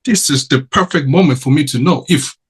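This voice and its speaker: A man's voice: fairly high pitch, a little fast, breathy edge, poor audio. A man co-hosting a podcast in casual chat, talking emphatically and full of rhetorical questions. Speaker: podcast co-host.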